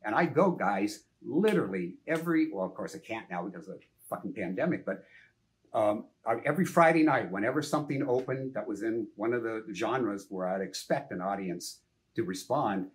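Animated older man telling film-set stories. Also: on the low side, brisk. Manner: animated, anecdotal, frequent "you know", some swearing. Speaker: film director, interview guest. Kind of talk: casual interview storytelling.

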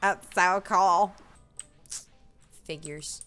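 A woman's voice: mid-range voice, a little slow, soft background music. A young woman hosting a casual gaming channel, commentating her play with frequent squeals and giggles. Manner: excitable, squeals and giggles often.

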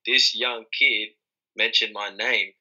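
A young man from Australia, a rapper and guest, telling his story with a very bright voice. He springs into high, surprised exclamations as he replays his own reactions. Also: steady tone, slow, low-quality recording. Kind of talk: casual interview storytelling.

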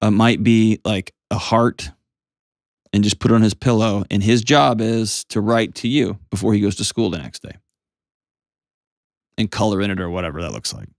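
A man's voice: lowish voice, normal speed, no room sound, clean studio sound. A man hosting a call-in advice show, coaching a caller in a direct, earnest way. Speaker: host giving advice.

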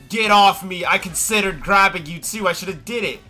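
A young man streaming a fighting game, commenting live with excitable yelps and trash talk. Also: sits high, brisk, few pauses, faint music behind.

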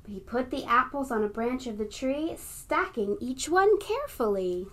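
A librarian reading a picture book aloud to young children and leading them in a game. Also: female voice, sits high, expressive, normal speed, hardly any pauses. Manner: warm, encouraging, talks to young kids.

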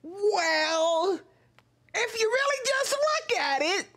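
A man's voice: very high voice, lively intonation, sharp tone, pitched above the performer's own voice, full character voice. Man mocking a sing-song TikTok speaker. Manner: slow, breathy, exaggerated sing-song.

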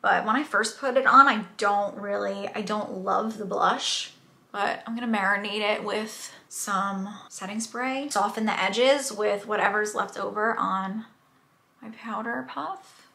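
Chatty young woman, bright echoey room. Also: medium pitch, fairly even intonation, a little slow, creaky. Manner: rambling, candid, chatty. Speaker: beauty vlogger. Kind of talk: get-ready-with-me chat.

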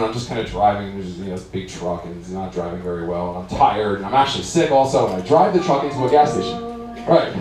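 A man's voice: medium pitch, darkish tone. A male musician telling a wry, rambling story on stage between songs at a concert. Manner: wry, rambling anecdotal delivery. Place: concert venue. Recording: echoey hall from far off.

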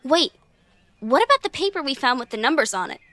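Molly, a bright brainy girl. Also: sits high, sing-song, dry recording, exaggerated voice. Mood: curious. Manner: quick-witted, problem-solving. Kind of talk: children's audio drama.

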